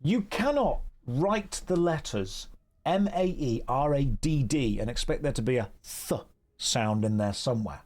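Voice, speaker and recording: This English man's medium-pitched voice has lively intonation and an unhurried pace as he streams an online game. He keeps up casual chat with viewers, teases wryly while reading their messages, and thanks donors warmly.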